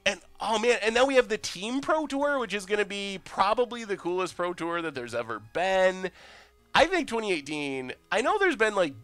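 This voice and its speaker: A young man streams a card game, commenting casually in a voice on the high side with no echo. Chatty and excitable, he reads chat messages aloud.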